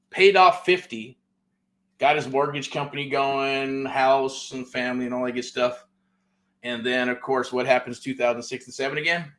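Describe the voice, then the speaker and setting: A man's voice: medium pitch, fairly bright tone. A middle-aged man, hosting a real estate show and telling a story in loose, profane casual talk, full of "right?" and "man.".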